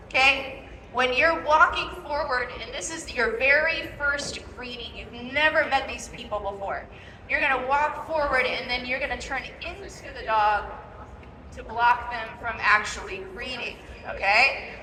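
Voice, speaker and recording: Her voice sits high, bright and forceful as this dog trainer leads a live demo in a big indoor expo hall. She coaches handlers one step at a time, frequently asking "okay?". The distant, echoey recording carries slight background noise.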